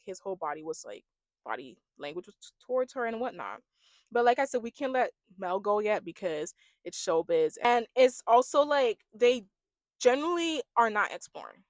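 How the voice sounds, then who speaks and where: A woman giving a gossipy, animated recap of a reality dating show, imitating the cast as she goes. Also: on the high side, a little fast, no room sound. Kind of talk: casual reaction commentary.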